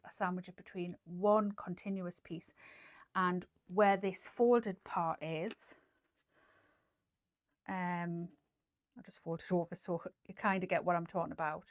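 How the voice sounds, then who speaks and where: A middle-aged woman chats through a sewing demonstration in a relaxed, rambling way. Her voice sits a little low, and she peppers her talk with ums and likes while answering viewers. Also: normal speed. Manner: chatty, rambling, full of ums and likes, reads out viewer comments. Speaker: host. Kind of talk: casual sewing livestream chat.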